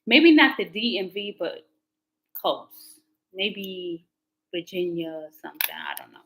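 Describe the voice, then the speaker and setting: A woman's voice: on the low side, sing-song, unhurried, fairly bright tone, poor audio. A woman tarot reader talking casually to her livestream viewers, candid and slangy. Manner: chatty and candid, slangy, talks back to chat comments.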